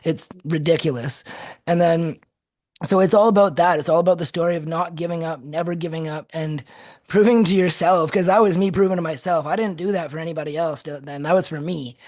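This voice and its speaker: A man guesting on a podcast, telling stories in an energetic, animated way and laughing often. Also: fairly high pitch, brisk. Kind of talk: casual storytelling chat.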